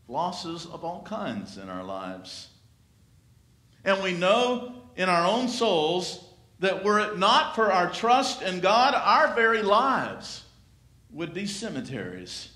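A pastor preaching a sermon in a church, with a slow, dramatic delivery that swells and then drops to a hush. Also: male voice, high voice. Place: church sanctuary. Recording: echoey church room.

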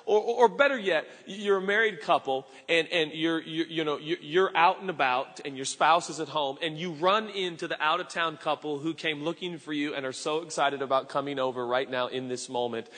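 A man in his forties preaching a sermon, telling a story with stammered restarts and sudden shouted bursts. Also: on the high side, fairly quick, few pauses. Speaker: pastor. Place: church auditorium with live audience. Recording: long reverb of a large hall.

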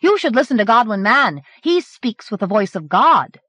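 A woman reading as a sharp-tongued Welsh girl. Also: fairly high pitch, big pitch swings, normal speed, no echo, voice pushed up. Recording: dry, dull 1980s cassette.

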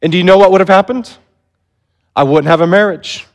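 A man's voice: high-pitched, brisk, highs cut off. A man in his forties preaching from a stage, self-deprecating and asking the audience questions. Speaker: pastor. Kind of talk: sermon. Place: large hall on stage. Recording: long hall reverb.

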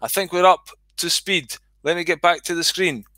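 A man's voice: sits high, steady tone, normal speed, sharp tone, no room sound. A middle-aged Scottish man reading his comedy skit aloud on a livestream, swearing freely and chatting to viewers.

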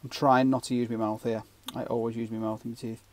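A man's voice: mid-range voice, flat delivery, fast talker, noisy background. A man giving a casual, rambling fishing knot tutorial with jokey asides. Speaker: fishing channel host.

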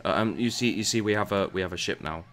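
Rambling low-voiced man reviewing a game. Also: fast talker, fairly bright tone. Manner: rambling, stumbles and repeats words, mutters asides. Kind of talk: casual gameplay commentary.

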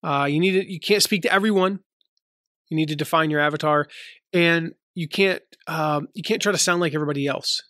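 A man's voice: on the high side, a little fast, bright, forceful tone, no echo, clean studio sound. A man in his thirties from the American South, with a light Southern accent, hosting a casual solo podcast, chatty and full of fillers and restarts. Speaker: podcast host.

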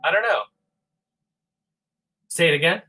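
Loud music plays behind this man's fairly high, unhurried voice. Co-hosting an arts therapy livestream, he chats in a goofy, rambling, self-mocking way between improvised songs.

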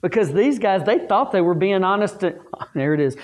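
A man's voice: high voice, animated, normal speed, darkish tone. A man teaching a Bible lesson to staff, folksy, asking the class questions and answering them himself.

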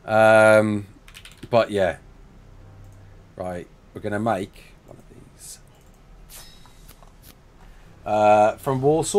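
A man's voice: on the low side, extremely slow, long pauses. A young man, from England, streaming a game live, chatting, joking and laughing while reading chat aloud.

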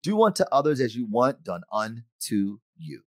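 A middle-aged man giving a conference keynote, animated and acting out the voices of friends and himself. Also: medium pitch, normal speed, no echo, studio quality. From United States. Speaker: conference speaker. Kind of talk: keynote talk.

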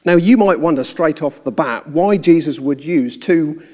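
Earnest preacher, reverberant sound. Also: male voice, a little high, lively intonation, mellow. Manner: measured, earnest storytelling. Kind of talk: sermon with storytelling.

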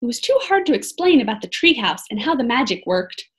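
A woman reading a storybook aloud as a lesson, expressive and stopping to ask children for predictions. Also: a little high, fairly quick.

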